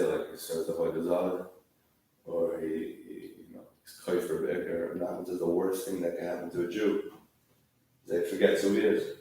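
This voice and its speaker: A man's voice: deep voice, dark tone. A man telling a story in a sermon at a Tisha B'Av gathering, in a casual, repetitive way. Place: large hall, sitting on the floor. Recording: echoey hall from far off.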